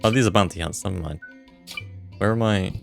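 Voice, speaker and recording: A man's voice: fairly low pitch, brisk, creaky, soft background music. A man streaming a game live, chatting casually and thinking aloud as he plays. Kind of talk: casual live gameplay commentary.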